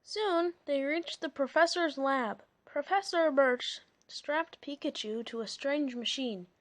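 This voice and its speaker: Woman storybook reader, high, slow, chatty asides.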